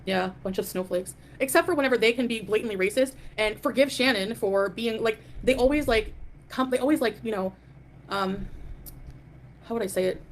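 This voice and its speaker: A woman's voice: fairly high pitch, a little fast, slight background noise. A woman hosting a live stream, ranting in a defiant, dismissive way and greeting chat viewers. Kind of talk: casual live stream rant.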